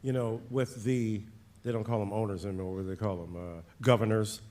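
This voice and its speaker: Animated, joking male interviewer. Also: lowish voice. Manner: animated, jokey, swings from loud to quiet, quick bursts. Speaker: interviewer at author event. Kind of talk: lively on-stage conversation.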